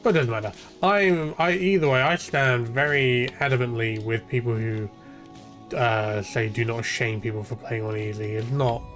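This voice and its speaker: A young man talks over his gameplay in a loose, wandering stream of commentary. He drifts from one thought to the next and drops casual swearing along the way. His voice sits at an ordinary middle pitch, with faint game music running behind it. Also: steady tone, normal speed, fairly bright tone. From half Irish, half English. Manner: rambling, chatty, swears casually.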